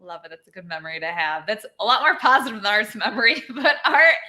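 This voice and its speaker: A woman's voice: medium pitch, very animated, fast talker, bright, forceful tone. A woman hosting a sports talk show, leading the panel in an upbeat, playful way. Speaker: show host. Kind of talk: hosting a casual chat.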